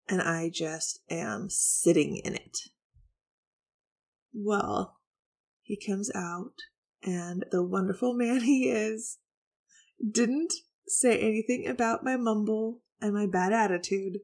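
Podcast host, woman, frank and reflective storytelling, vocal fry throughout. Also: medium pitch, takes it slowly, a little mellow. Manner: candid, reflective, confessional. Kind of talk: personal storytelling to listeners.

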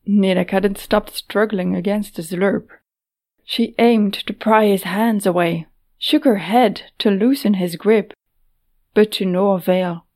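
Woman reading a fantasy audiobook, slow, gravelly, steady. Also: mid-range voice. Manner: measured, steady storytelling. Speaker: narrator. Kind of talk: audiobook narration.

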